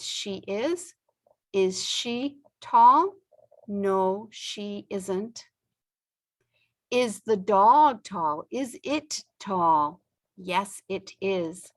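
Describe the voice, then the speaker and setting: A middle-aged woman leads a beginner English lesson at a very slow pace. Her pitch is mid-range, and she stretches out each example phrase with deliberate pauses between them. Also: a bit bright. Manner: stretches out example sentences, pausing often. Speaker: English teacher.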